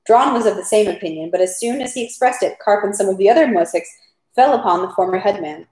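A woman reads a long novel aloud at home at a steady pace, now and then tripping on a word. Her pitch sits in the middle range. The room gives her voice a roomy echo. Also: quick pace. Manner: steady reading with occasional stumbles. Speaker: reader.

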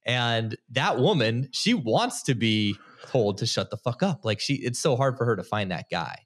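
A man's voice: mid-range voice, expressive, moderate pace. A man hosting a casual podcast chat, hesitant with many restarts and frequent laughter. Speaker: podcast host.

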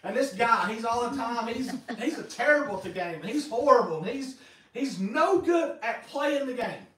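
A man preaching a sermon as pastor, telling stories in a lively way and acting out quotes. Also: very high-pitched, moderate pace, a little hiss or hum. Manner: lively, animated storytelling with acted-out quotes. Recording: echoey hall, voice from far off.

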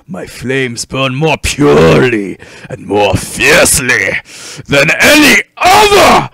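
A man's voice: mid-range voice, wildly swooping pitch, takes it slowly, creaky, sharp tone, dry recording, pitched below the performer's own voice, heavily acted. A man voicing a screaming, flame-wielding male boss villain in a game playthrough, theatrical and overblown. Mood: fiery ranting. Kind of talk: let's play commentary with voiced game lines.

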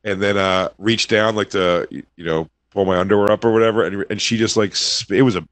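Lower-voiced man in crude banter. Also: steady tone, a little fast, a bit bright, no room sound. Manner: laid-back, crude, laughs into his stories. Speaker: podcast co-host. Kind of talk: casual comedic banter.

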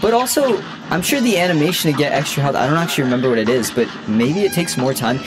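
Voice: medium pitch, lively intonation, fast, hardly any pauses. Laughing, swearing young game streamer. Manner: laughs often, swears freely, teasing. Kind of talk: casual live gameplay commentary. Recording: game music behind the voice.

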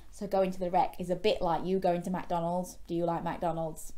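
A woman reading a bedtime story to young children, gently asking them questions along the way. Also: lowish voice, level tone, normal speed.

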